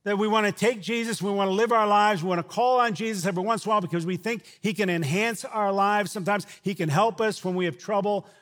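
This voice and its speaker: A man preaching a sermon who shouts out quoted lines and then drops to a low, quiet delivery. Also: fast, hardly any pauses. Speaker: pastor.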